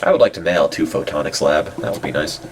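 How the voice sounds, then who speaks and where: A congested man making dry, deadpan remarks while browsing and reading out old web pages. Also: a bass voice, fast talker, gravelly, slight background noise.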